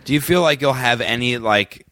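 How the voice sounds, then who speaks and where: Male podcast host, mid pitch, dry close sound, giggly reader prone to restarts. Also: pushed and bright, no echo. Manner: laughs often, halting restarts. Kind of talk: reading aloud and casual chat.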